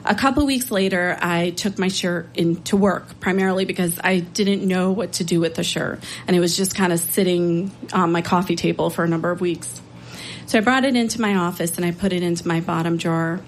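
A woman telling a personal story on stage, earnest and unhurried, with emotion in her voice. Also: fairly low pitch, fairly even intonation, a little hiss or hum, low-quality recording. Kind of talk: live storytelling.

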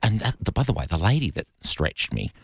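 Lively man, chatty and laughing. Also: low voice, fairly quick, creaky, husky, no echo. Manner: chatty, laughs often, self-mocking. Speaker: voice actor guest. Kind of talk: casual chat.

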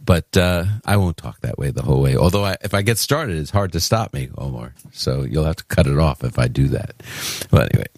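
A man with a New York accent hosts a call-in radio show in a chatty, loose way. His voice is very low and sits close in a dry studio. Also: expressive, brisk, hardly any pauses, darkish tone, no room sound. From Brooklyn, New York. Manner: chatty, with fillers and restarts. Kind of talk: casual talk radio. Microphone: studio microphone.

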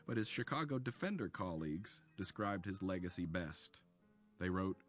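Brief: man, very low voice, measured documentary narrator, soft music bed underneath. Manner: measured storytelling delivery. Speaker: author narrating a radio segment.

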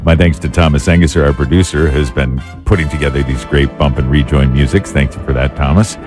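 Very deep-voiced male radio host. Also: steady tone, fairly quick, music in the background. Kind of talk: radio call-in hosting.

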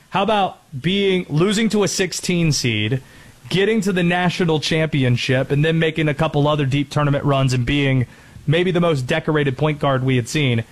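A male sports radio host talks through picks in a loose, conversational way, trading jokes with his co-host. His voice sits a little high for a man. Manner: conversational, joking, quick. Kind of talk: casual sports talk.

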